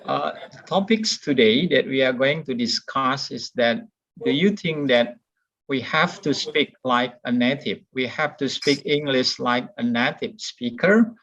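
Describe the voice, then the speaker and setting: A man's voice: mid-range voice, measured pace, fairly bright tone. A man hosting an online discussion, patiently repeating his questions over a call. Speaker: meeting host. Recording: dull, lo-fi call audio.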